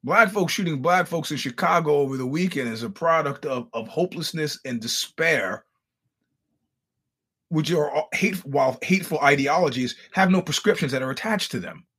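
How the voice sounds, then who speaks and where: A man's voice: on the high side, moderate pace, sharp tone, slightly rough. A man hosting a podcast, telling stories in a casual monologue, wry and blunt, acting out the quoted dialogue and often stammering over restarts. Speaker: podcast host.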